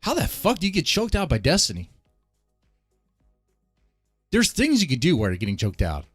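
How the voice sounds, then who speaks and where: A man's voice: fairly high pitch, huge pitch swings, moderate pace, a bit bright, slightly rough, no room sound, studio quality, soft background music. A man hosting a casual live stream, ranting bluntly and laughing often as he comments. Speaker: streamer host.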